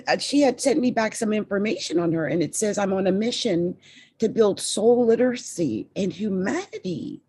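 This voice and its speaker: A woman's voice: mid-range voice, mellow, breathy edge. A woman hosting a podcast interview, chatting casually with guests and stumbling a little over names. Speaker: podcast host.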